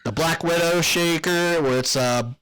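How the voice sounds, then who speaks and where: A man's voice: on the high side, a little slow, a bit bright, slight background noise, low-quality recording. A man co-hosting a podcast, reading an ad in a playful, jokey, rambling way with lots of fillers, then signing off casually. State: out of breath. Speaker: podcast co-host. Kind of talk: casual podcast chat and ad read.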